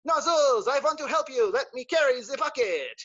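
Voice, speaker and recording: A man's voice: very high-pitched, animated, normal speed, a bit bright, voice pushed up, full character voice. A man voicing an eager young male flying squirrel pilot in a children's story, earnest and keen to help. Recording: dull, dry lo-fi stream audio.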